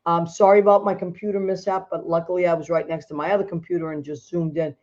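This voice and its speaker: A middle-aged woman hosting a casual chat show, animated and quick to laugh. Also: fairly low pitch, highs cut off. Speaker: host.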